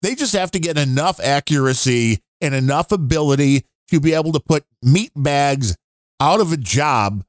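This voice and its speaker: A man's voice: a little high, animated, moderate pace, no echo, studio quality. A man co-hosting a podcast, rambling and grumbling through his opinions in casual chat. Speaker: podcast co-host.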